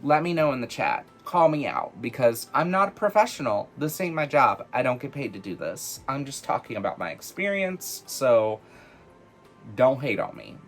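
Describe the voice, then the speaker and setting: A man casually telling personal stories in an animated, chatty way, full of fillers, for his witchcraft vlog. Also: medium pitch, normal speed, faint music behind. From United States. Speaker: witchcraft vlogger.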